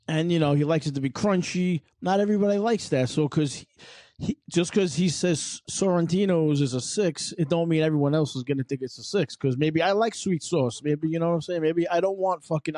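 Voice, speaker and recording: A man's voice: on the high side, brisk, a little mellow, no room sound, studio quality. A man hosting a podcast in casual chat, blunt, laid-back and profane. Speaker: podcast host.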